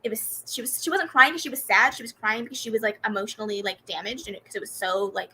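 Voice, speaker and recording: A woman's voice: a little high, fast, sharp tone, a little hiss or hum, low-quality recording. A young woman hosting a casual reading livestream, chatting animatedly and giggling as she answers comments. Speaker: booktube livestream host. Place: home room with a fan running.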